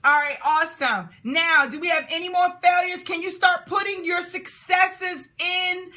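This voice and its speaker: A woman's voice: extremely high pitch, fairly even intonation, unhurried, pushed and bright. A middle-aged woman hosting a live Q&A stream, reading out viewer comments, laughing and cheering often. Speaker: host of a live Q&A call.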